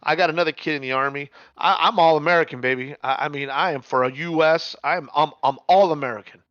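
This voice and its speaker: A middle-aged man telling a story in casual chat, animated, repeating words and swearing freely. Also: a little high, quick pace, no echo, highs cut off.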